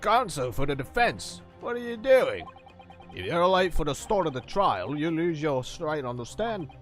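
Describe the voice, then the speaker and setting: A man's voice: sing-song, normal speed, faint music behind. A man reading as a nervous young lawyer. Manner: low, worried inner monologue. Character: young Japanese lawyer, anxious and earnest. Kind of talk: reading a game script aloud with voices.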